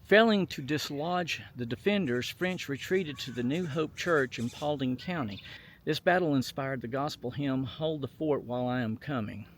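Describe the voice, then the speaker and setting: A man's voice: mid-range voice, moderate pace, a little hiss or hum. A man narrating an outdoor history tour, reading plaques aloud in a folksy way with fillers. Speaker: vlogger touring historic sites. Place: outdoors at a memorial site on a hot day.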